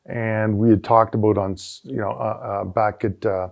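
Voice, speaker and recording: A middle-aged man, a guest on an interview show, telling stories in a casual, animated way with lots of fillers and restarts. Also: fairly low pitch, moderate pace, vocal fry. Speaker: guest, sales executive and former football player. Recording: dull lo-fi recording.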